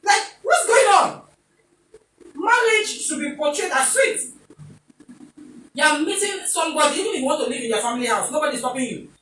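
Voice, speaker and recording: A woman's voice: sits high, fast, fairly bright tone. A Nigerian woman presenting a talk show, speaking comically and mixing in pidgin as she acts out little scenes. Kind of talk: animated comic commentary. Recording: echoey room, distant mic, faint noise.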